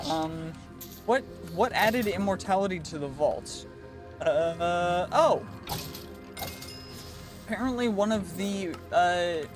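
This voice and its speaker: Chatty, excitable man commenting on gameplay. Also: high-pitched. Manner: chatty, excitable, talks through his moves with frequent restarts. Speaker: gaming channel host. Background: background music.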